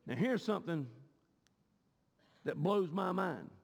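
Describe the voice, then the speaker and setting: High-pitched gravelly preacher. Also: male voice, animated, slow pace. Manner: shouting, preaching with rising cadence. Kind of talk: sermon. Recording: long hall reverb.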